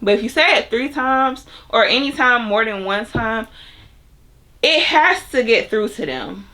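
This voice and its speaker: A young woman with a bright, forward voice, giving self-help advice to her audience. She speaks in a loose, conversational way, with plenty of fillers and asides aimed right at the viewer. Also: a little high, expressive, unhurried. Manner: chatty, filler-heavy, talks straight to viewers. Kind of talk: casual advice monologue.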